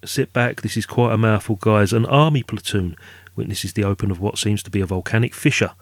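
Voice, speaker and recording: A man's voice: fairly low pitch, steady tone, brisk, no echo. A man from Britain co-hosting a casual film discussion. He reads out release details, cast and plot, then turns to his co-hosts with questions. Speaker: podcast co-host.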